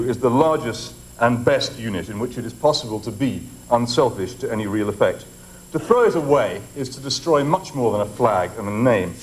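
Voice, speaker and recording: A man giving a formal debate speech in a public hall, in a measured, grave and rhetorical manner. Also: mid-range voice, a little hiss or hum.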